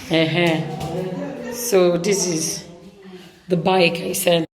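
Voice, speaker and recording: A woman's voice: on the low side, little pitch movement, very slow, a crowd in the background. A young Nigerian woman vlogging a casual tour of a village house, talking with a Nigerian accent, mixing Igbo and English and exclaiming often.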